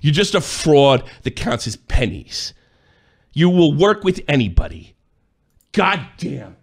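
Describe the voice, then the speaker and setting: An angry man in a profane, accusing rant, sometimes shouting. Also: fairly high pitch, very animated, takes it slowly, vocal fry, slightly rough. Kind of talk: heated rant.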